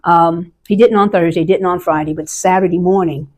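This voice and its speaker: A woman's voice: lowish voice, steady tone, normal speed. A woman in her sixties, an army veteran, telling a personal story in a candid and emotional way. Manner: candid, emotional, vivid recounting.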